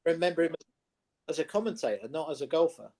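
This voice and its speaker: A man co-hosting a sports chat show, telling anecdotes in a lively, casual way. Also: on the high side, fast. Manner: animated anecdote-telling, mimics voices in quotes. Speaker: co-host. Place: studio.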